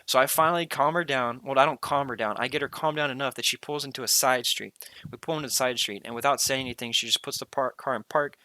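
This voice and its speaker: A man's voice: medium pitch, steady tone, fast, sharp tone, no echo, rough recording. A young man hosting a podcast, telling a long story in a casual, rambling way, full of fillers and slang. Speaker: podcast host.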